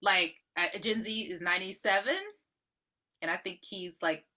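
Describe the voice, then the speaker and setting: Woman podcast co-host, bright and punchy, loose profane storyteller. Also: on the low side, normal speed. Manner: profane, animated storytelling, acting out characters' lines. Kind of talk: casual movie recap chat.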